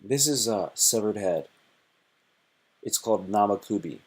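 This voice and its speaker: A man's voice: fairly low pitch, animated, a little slow, husky. A man hosting his own live stream, rambling and joking in a profane, repetitive way. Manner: joking, profane, repeats himself.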